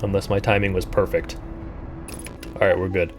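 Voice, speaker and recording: A man streaming a game live, thinking aloud and breaking into startled, high-pitched exclamations. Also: little pitch movement, normal speed, over music. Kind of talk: live gameplay commentary.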